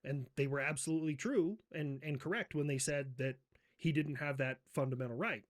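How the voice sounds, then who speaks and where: A man with a slightly raised pitch, hosting a satirical comedy role-play. He jabs at the others with profane mockery and sudden shouted outbursts. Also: brisk. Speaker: host.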